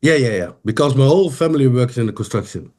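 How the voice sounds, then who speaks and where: A middle-aged man from the Netherlands with a Dutch accent, a podcast guest speaking halting English and searching for words. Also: mid-range voice, expressive, darkish tone. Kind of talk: casual interview chat.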